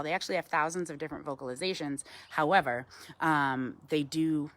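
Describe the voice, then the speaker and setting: A woman's voice: sits low, a little fast, a bit bright. A woman educator from a wildlife center, giving a chatty live talk outdoors in the wind, talking fondly to an owl, with frequent ums, and answering viewer questions.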